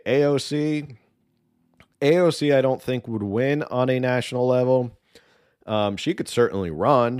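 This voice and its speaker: A man's voice: medium pitch, darkish tone, clear, resonant tone, dry recording, clean studio sound. A man giving casual political commentary, rambling and opinionated, with many ums and restarts.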